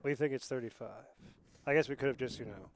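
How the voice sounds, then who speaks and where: A man commentating on a school rugby match from a booth, chatty and rambling, with excited bursts when play picks up. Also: mid-range voice, fast. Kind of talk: amateur sports commentary.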